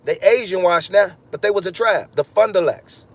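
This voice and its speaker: Swearing constantly, this male podcast host delivers an angry, profane tirade in a rather high, fairly bright voice at a normal pace. His freewheeling monologue bounces from topic to topic.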